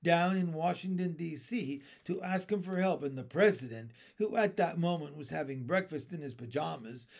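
A man reading a children's book aloud, lively and switching his tone for the characters' lines. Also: a little high, normal speed, creaky, hardly any pauses. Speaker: reader.

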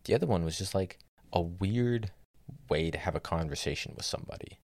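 A young man with a very low voice that has a gravelly rasp running through it. He tells his stories in an exasperated, sardonic tone and swears without hesitation. The sound is close and dry. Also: fairly quick, a little mellow, no echo. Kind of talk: casual storytelling rant.

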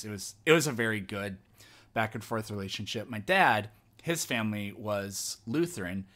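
A man's voice: on the low side, moderate pace, fairly bright tone. A man hosting a casual podcast conversation, reflective and thinking aloud as he talks. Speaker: podcast host.

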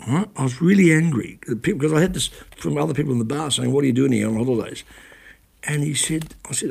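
A man's voice: fairly high pitch, fast talker, vocal fry, a little mellow, breathy edge. A man, a radio broadcaster, recounting events in a rambling, self-correcting way with blunt swearing. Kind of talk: casual spoken recollection.

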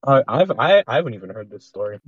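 A man's voice: mid-range voice, sing-song, husky, dry recording, lo-fi sound. A man, a podcast co-host, who drops short, wry remarks into a casual chat. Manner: wry, quick interjections.

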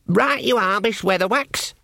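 A man's voice: moderate pace, gravelly, sharp tone, no echo, clean studio sound, exaggerated voice. A man doing a whiny young castle guard. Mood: whiny insistent. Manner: whiny, pleading, high-pitched. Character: eager young male castle guard, earnest and fussy.

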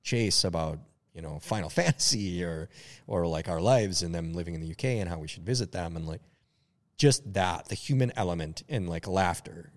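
A man's voice: low-pitched, normal speed. A man co-hosting a podcast, talking reflectively in casual chat and searching for words with many fillers. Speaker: podcast co-host.

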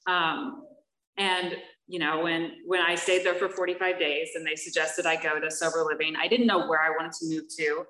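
Woman sharing a recovery testimony, halting and frank, fillers and wry laughs, slightly low voice. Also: level tone, sharp tone. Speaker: speaker sharing her recovery story. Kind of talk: personal testimony. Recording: echoey room, voice from a distance.

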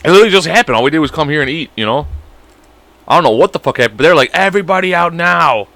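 A man's voice: fairly high pitch, rapid-fire, creaky, no echo. A man in his thirties, a podcast co-host, rambling and swearing his way through a casual story. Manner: rambling, profane, animated storytelling. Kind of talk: casual chat.

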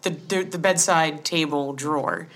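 A woman's voice: deep voice, a little slow, a bit bright. A woman co-hosting a casual podcast, rambling through a story with lots of fillers and frequent laughs. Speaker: podcast co-host. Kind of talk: casual recap chat.

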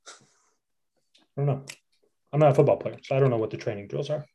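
A man's voice: mid-range voice, fast, creaky, dark tone, muffled recording. A man co-hosting a podcast in casual chat, rambling, trailing off and laughing often. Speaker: podcast co-host.

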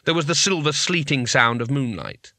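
Brief: male audiobook narrator, wry and measured, bright tone, dry booth sound. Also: mid-range voice, sing-song, dry recording. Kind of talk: scripted narration.

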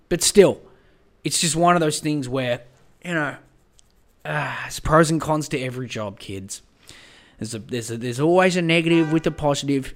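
An Australian man in his young adult years rants through a casual podcast monologue, profane and exasperated. His voice sits a touch high for a man, and he circles back over the same words as he vents. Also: measured pace, long pauses, pushed and bright. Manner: profane, exasperated, repeats himself. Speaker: podcast host.

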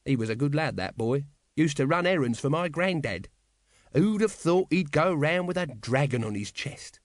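A man's voice: a little high, expressive, normal speed, dry recording, clean studio sound, natural voice. A man doing a scruffy, shifty guardsman. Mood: musing.

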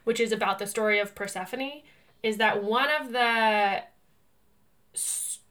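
A woman co-hosting a podcast in casual chat, telling stories in a rambling, animated way and often filling with "like.". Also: on the high side, unhurried. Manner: chatty and rambling, heavy use of "like"; animated storyteller who laughs through her telling. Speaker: podcast co-host.

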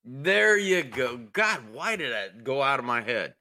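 A man's voice: medium pitch, very animated, unhurried, pushed and bright. A man co-hosting a racing podcast in casual chat, easygoing, asking questions and searching for words. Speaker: podcast co-host.

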